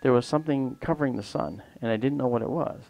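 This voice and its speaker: Gravelly-voiced man telling a rambling story. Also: medium pitch, fast talker, a little mellow. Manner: rambling and anecdotal, often trailing off mid-sentence. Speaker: livestream host. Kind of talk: casual spoken storytelling.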